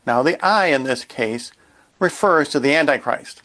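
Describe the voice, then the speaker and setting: A man explaining a joke theory in a mock-serious, deadpan way. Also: medium pitch, moderate pace.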